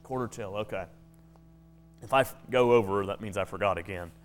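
A man's voice: on the low side, a little fast, soft background music. A man preaching a sermon in a conversational way, often restarting his words.

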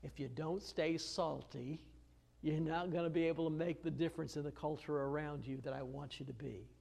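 A man preaching a verse-by-verse sermon. His voice sits a little high, and he talks in an easy, conversational way, full of "uh" and restarts. Now and then he leans hard on a phrase for emphasis. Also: steady tone, moderate pace, creaky, a little mellow. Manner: conversational, many "uh" fillers and restarts; rises to emphatic stress on key phrases. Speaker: pastor. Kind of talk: expository sermon.

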